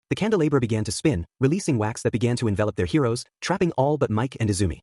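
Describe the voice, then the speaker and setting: A man narrating a fan fiction story in a steady, even reading voice. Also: mid-range voice, racing, dry recording, studio quality.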